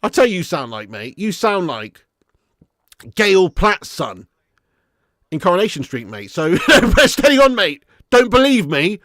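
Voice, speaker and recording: A man's voice: sits high, sing-song, a little slow, a bit bright, dry recording, clean studio sound. A man hosting a live football watch-along stream, joking with chat in slangy banter and laughing often.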